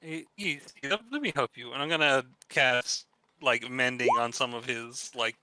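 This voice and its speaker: Bright, hesitant man at the game table. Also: mid-range voice, normal speed, no room sound, low-quality recording. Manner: hesitant, restarting phrases. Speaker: player. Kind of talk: casual tabletop play.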